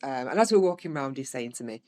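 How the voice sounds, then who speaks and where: Woman with a low voice. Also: quick pace. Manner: chatty, with lively voiced-out quotes. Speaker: podcast host. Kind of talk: casual storytelling.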